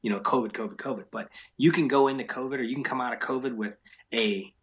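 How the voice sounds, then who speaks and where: A business owner talks frankly and emphatically in a casual interview, often coming back to his key points. His medium-pitched voice is fast, and the highs are cut off.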